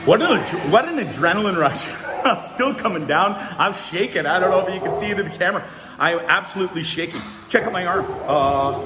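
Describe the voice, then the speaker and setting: A high-voiced man talks to camera in a kennel, quick to laugh and joke. The room rings with a long echo. Loud barking dogs fill the background. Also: background noise. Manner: excitable, joking, laughing often. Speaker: show host filming a segment. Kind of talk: handheld vlog commentary.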